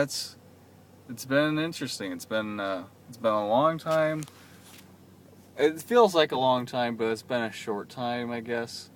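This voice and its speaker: A man's voice: medium pitch, a bit bright, slight background noise. A young man rambling through a chatty, self-mocking vlog story into his camera. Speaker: vlogger. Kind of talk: casual vlog monologue. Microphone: camera mic.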